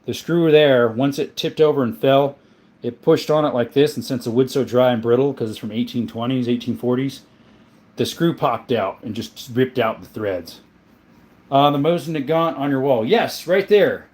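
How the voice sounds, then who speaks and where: A man hosts a casual livestream, reading viewer comments aloud and answering questions about his gun collection in a friendly way, often saying "my friend" and "mate." His voice is medium-pitched, a little mellow, at normal speed.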